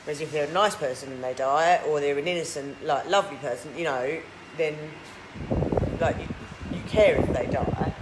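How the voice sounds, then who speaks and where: Woman, live-stream host, chatty and filler-heavy, phone mic in a clinic with clear background noise. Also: sits low, normal speed, poor audio. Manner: chatty and rambling, many "like" and "you know" fillers. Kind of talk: casual live-stream chat, reading viewer questions. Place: hair clinic, indoors.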